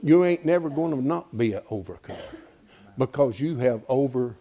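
A man preaching a sermon in a folksy, animated way, with exclamations of praise. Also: mid-range voice, moderate pace. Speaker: pastor.

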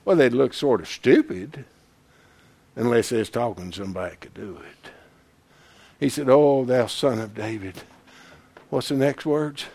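A man teaching a Bible class in sermon style, folksy and animated, breaking into shouts to press a point. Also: mid-range voice, normal speed, creaky, pauses often.

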